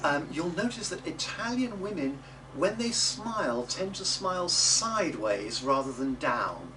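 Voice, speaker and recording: A man's voice: on the high side, big pitch swings. Distant man coaching diction, noisy room. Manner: demonstrative, models words slowly for the group to repeat; chatty asides with little jokes. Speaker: early music teacher. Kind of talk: coaching a class in Italian diction. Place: classroom or rehearsal room.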